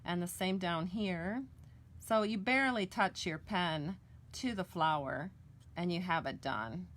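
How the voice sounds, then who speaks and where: A middle-aged American woman's fairly low, slightly bright voice stays unhurried as she demonstrates card-making one step at a time. The tutorial is casual and chatty, with a homey feel and self-corrections while she colors.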